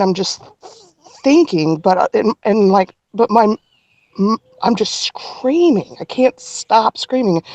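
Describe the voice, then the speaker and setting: A middle-aged woman telling a personal story as a podcast guest, earnest and halting, with frequent restarts. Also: mid-range voice, darkish tone, no echo.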